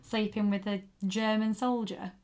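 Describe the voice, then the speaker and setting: A woman's voice: medium pitch, little pitch movement, a little slow, a little mellow. A woman co-hosting a podcast, telling a story in casual chat with giggly asides. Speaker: podcast co-host.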